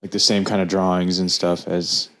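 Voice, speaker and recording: A man co-hosts a casual podcast in a deep, monotone voice with a slightly bright quality, speaking at normal speed. His talk is loose and rambling, full of fillers and restarts.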